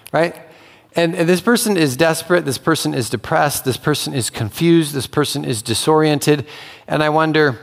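Earnest male preacher in a reverberant hall. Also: fairly high pitch. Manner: conversational, earnest, acts out quotes. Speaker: pastor. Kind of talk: sermon.

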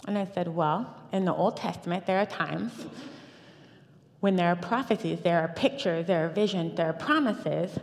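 A woman in her thirties giving a lively personal church testimony, with frequent fillers and restarts. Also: lowish voice, moderate pace, vocal fry. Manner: animated storytelling with fillers and restarts. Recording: long reverb of a hall.

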